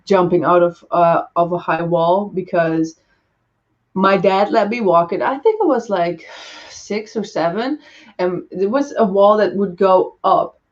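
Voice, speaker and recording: A podcast host chats casually, blunt and peppered with swearing and jokes. The voice sits at a middle pitch. The recording is dull and lo-fi. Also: a little slow. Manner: blunt, profane, joking.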